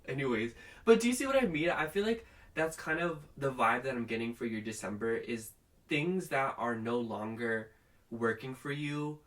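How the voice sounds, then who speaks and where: A man's voice: mid-range voice, a bit bright, distant mic. A young man giving a casual, rambling tarot reading, chatty and full of fillers. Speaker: tarot reader.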